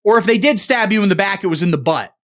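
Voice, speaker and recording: A man's voice: high voice, animated, fast. A man hosting a satire show, delivering a political rant in a mock-serious pundit manner.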